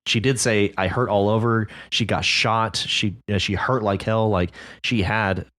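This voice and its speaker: A man co-hosting a writing podcast, talking over listener stories in a relaxed, agreeable way with lots of fillers. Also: lowish voice, moderate pace. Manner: laid-back, agreeable, many fillers. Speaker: podcast co-host. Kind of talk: casual discussion of listener stories.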